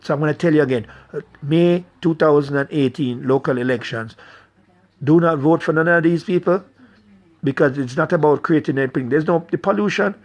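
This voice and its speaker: A man's voice: a little high, brisk. A middle-aged man delivering a blunt, angry political rant straight to his viewers. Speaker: political commentator.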